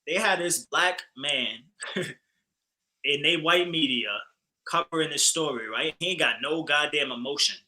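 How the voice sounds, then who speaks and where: Bright, animated man in heated talk. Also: fairly high pitch, measured pace, rough recording. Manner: animated, emphatic, frequent fillers and profanity. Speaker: podcast co-host. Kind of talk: casual heated discussion.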